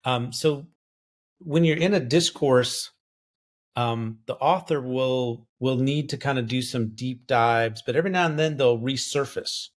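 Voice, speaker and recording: Guy walking thru a bible verse, lots of ums and uhs, mid pitch, grammar talk. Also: a little slow. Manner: thinks aloud with grammar terms, many fillers. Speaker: co-host biblical scholar. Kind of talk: explaining a Bible passage verse by verse.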